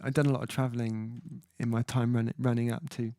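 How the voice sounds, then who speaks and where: A man's voice: medium pitch, little pitch movement, fairly quick, mellow, no echo, clean studio sound. A man hosting his own music livestream, chatting casually and reading viewer comments aloud, hesitant with many fillers as he sounds out foreign words. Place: at home, indoors.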